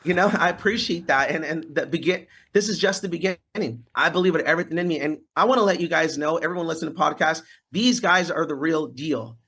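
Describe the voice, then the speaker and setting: A man with a husky, breathy voice that sits fairly high for a guy speaks as a podcast guest. He talks in an earnest, fired-up way and repeats phrases as he builds his point. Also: fast, few pauses, bright, forceful tone. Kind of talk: casual storytelling interview.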